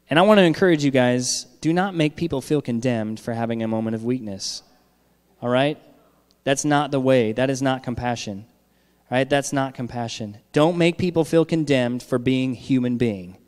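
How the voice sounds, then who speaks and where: A man's voice: medium pitch, a little mellow, clear, resonant tone. Man preaching in an echoing church hall. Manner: conversational preaching with frequent "all right?" check-ins. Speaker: pastor. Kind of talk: sermon.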